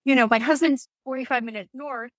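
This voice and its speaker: Animated woman telling her birth story. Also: high voice, fairly quick, dry recording. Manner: animated storytelling, acts out quotes. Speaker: podcast guest.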